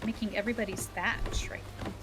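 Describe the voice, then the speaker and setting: A woman's voice: medium pitch, steady tone, brisk, background noise. A woman chatting casually while gaming with friends, teasing and laughing often. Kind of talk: casual chat while playing.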